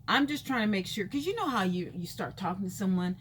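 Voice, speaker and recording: A woman chats her way through a personal story in a loose, rambling vlog manner, dropping fillers into nearly every phrase. Her voice sits at an average pitch but jumps sharply upward whenever she acts out a reaction. Faint noise hums in the background. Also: fast. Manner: chatty and rambling, full of "you know" fillers; animated, jumps high in pitch when acting out reactions. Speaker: vlogger telling a personal story. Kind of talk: casual storytime chat.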